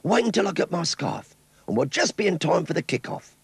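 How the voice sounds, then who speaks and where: A man's voice: high-pitched, sing-song, a little fast, vocal fry, pitched above the performer's own voice, heavily acted. A man voicing a cheerful young boy in a storybook cartoon, talking eagerly about going to a football match.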